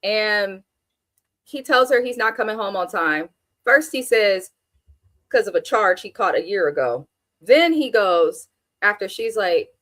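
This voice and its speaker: A woman's voice: medium pitch, lively intonation, unhurried, a bit bright, no echo. A woman from Oakland, California giving a blunt, sassy recap of a reality TV episode in casual chat. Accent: African American Vernacular English speaker from Oakland. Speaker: reality TV review host.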